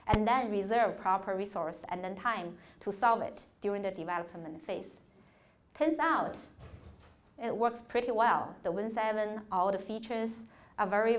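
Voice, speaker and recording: A woman giving a workshop talk to students, telling career stories in earnest, non-native phrasing with a few restarts. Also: medium pitch. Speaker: conference speaker. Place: lecture hall.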